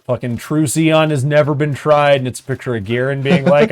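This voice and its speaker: A man's voice: normal speed, no echo. A man in casual gaming-stream chat with a friend, rambling, swearing and laughing often between sentences. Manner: animated, jumps up and down in pitch.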